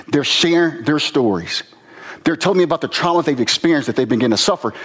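A man from Virginia, a former police officer, giving an earnest, emotional personal testimony with slow pauses. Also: on the high side. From Virginia, USA.

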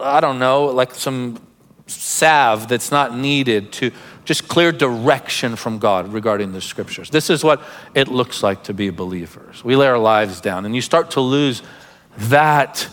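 A man's voice: mid-range voice, fairly bright tone, in a large hall. A man preaching a sermon as pastor, emphatic, breaking into laughing asides and urging listeners to pay attention.

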